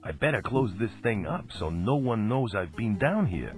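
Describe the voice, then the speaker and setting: An actor voicing a wisecracking male adventure game hero, with a husky voice and dry, sardonic quips. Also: fairly low pitch, very animated, moderate pace, darkish tone, faint music behind.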